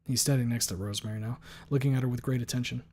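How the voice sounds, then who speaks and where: A man reading a story aloud on a live stream, steady in delivery, with playful asides when he slips. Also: medium pitch, racing, a little hiss or hum.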